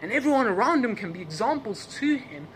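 A man's voice: extremely high pitch, sing-song, fast, a bit bright, a little hiss or hum. A man preaching a sermon in a church service, with English as his second language, asking repeated questions and laughing at his own asides. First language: not English.

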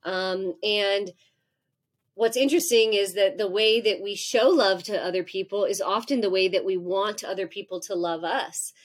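A woman in her forties, a professor guest in an interview, telling a lively personal story and acting out her own thoughts. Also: mid-range voice, moderate pace. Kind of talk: conversational interview.

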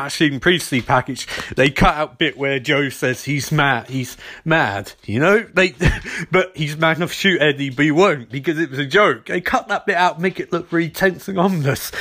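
Male, slightly high voice, casual sarcastic episode recap, quick mocking character bits. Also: a bit bright. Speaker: TV episode reviewer.

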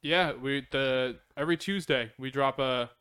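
A man co-hosting a casual podcast, rambling and halting between jokes. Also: mid-range voice, pushed and bright, clear, resonant tone, no room sound, studio quality. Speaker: podcast co-host. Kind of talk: casual group chat.

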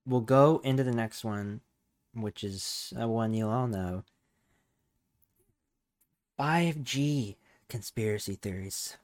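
A man's voice: medium pitch, takes it slowly, long pauses. A man hosting a casual podcast, rambling and hesitant, often trailing off mid-thought. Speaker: podcast host.

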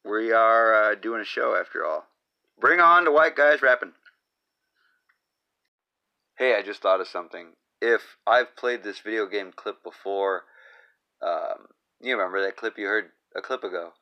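A man's voice: on the low side, animated, a little slow, dull audio. A man hosting his own comedy podcast alone, rambling through jokes with profane, self-deprecating asides. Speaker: podcast host. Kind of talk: comedic solo podcast monologue.

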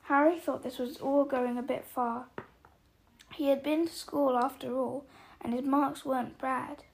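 A woman narrating a storybook aloud in a measured, expressive reading. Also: high-pitched, rough recording.

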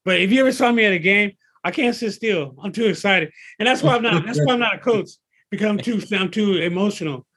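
Excitable high-voiced trainer man, husky. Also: quick pace. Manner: excitable, emphatic, repeats himself. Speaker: personal trainer. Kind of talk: casual interview talk.

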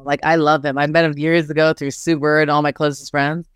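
A woman's voice: low voice, fairly quick, clean tone, dry recording, studio quality. A middle-aged woman, a basketball head coach, talking candidly in an interview, telling stories animatedly with lots of "like" and acted-out quotes. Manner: animated storytelling, frequent "like" fillers, acts out quotes.

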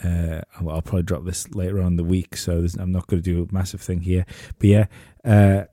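A man's voice: low-pitched, level tone, brisk, dark tone, dry recording, studio quality. A man hosting a podcast, telling stories in a rambling way with many restarts. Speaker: podcast host. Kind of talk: casual podcast chat.

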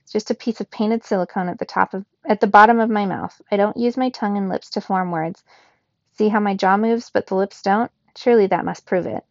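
A woman's voice: medium pitch, a little fast, gravelly, no echo, dull audio, natural voice. A woman doing a prim, formal robot woman. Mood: earnest. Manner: precise, formal phrasing. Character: polite humanoid robot woman, formal and smiling. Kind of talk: read-aloud storybook.

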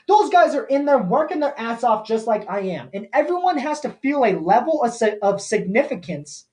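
A man's voice: extremely high pitch, big pitch swings, normal speed, few pauses, darkish tone. Fired-up, foul-mouthed podcast man. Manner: profane, fired-up and blunt. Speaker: podcast host. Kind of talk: motivational podcast rant.

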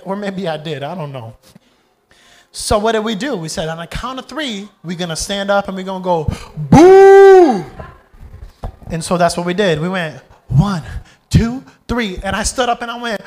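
Speaking fairly quickly in a voice that sits high, a young man delivers a sermon as a pastor. He tells the story with animation, does different voices, and asks the congregation questions.

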